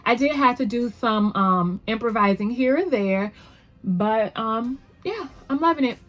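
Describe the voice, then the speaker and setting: A woman's voice: fairly high pitch, animated, unhurried, fairly bright tone, soft background music. A woman hosting a casual makeup tutorial at home, chatty and upbeat, rambling a little with fillers as she talks to the camera. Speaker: beauty vlogger.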